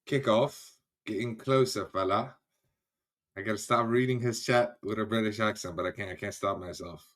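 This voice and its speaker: A man's voice: on the low side, moderate pace, a bit bright. A man hosting a casual livestream, greeting viewers by name in a loose, chatty way and often trailing off. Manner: laughs easily, trails off and restarts. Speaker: livestream host. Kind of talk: casual live-stream chat.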